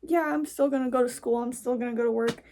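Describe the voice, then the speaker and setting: A woman's voice: a little high, fairly even intonation, quick pace, mellow, slight background noise. A young woman hosting a podcast, delivering an angry, profane, blunt monologue. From United States. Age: young adult. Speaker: podcast host. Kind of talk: casual ranting monologue.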